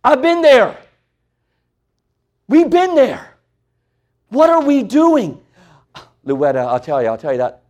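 A man preaching a sermon with passion, moving between loud calls and hushed, emotional passages. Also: very high voice, big pitch swings, slow pace, pauses often.

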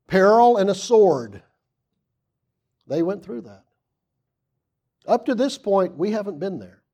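A man preaching a sermon, reading scripture aloud and asking the congregation questions, swinging from loud emphasis to hushed asides. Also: sits high, big pitch swings, slow pace.

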